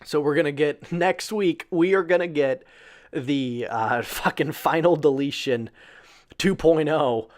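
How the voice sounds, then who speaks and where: A man casually recapping a wrestling show in a loose, filler-heavy way, swearing freely and breaking into excited disbelief. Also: a little high, a little slow.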